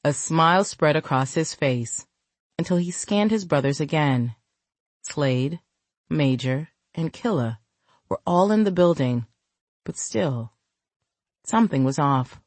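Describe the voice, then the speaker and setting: A woman narrating a gritty urban story in a steady, matter-of-fact way. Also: sits low, slow pace, long pauses, no room sound. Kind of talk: audiobook narration of an urban crime novel.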